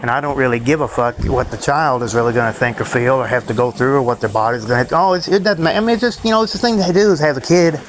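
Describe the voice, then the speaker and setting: A man's voice: mid-range voice, fast talker, few pauses, a little hiss or hum, poor audio. A man ranting in a rambling, profane monologue to his own channel, drifting from thought to thought. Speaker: vlogger.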